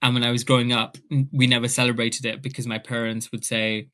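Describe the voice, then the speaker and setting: A man's voice: medium pitch, quick pace. A young man, an author telling a story in a casual chat and acting out his family's voices. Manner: animated, acts out family members in quoted voices. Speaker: author guest.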